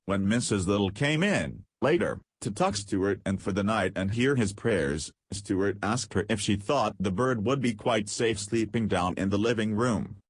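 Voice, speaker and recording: Male narrator for a kids' audiobook: low, husky, measured, dry close sound. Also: lively intonation, no echo. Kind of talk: scripted narration.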